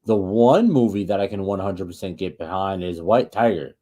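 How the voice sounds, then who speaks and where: A man's voice: low-pitched, moderate pace. A man co-hosting a casual podcast, rambling and profane, stumbling over repeated restarts as he rants. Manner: animated, ranting. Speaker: podcast co-host.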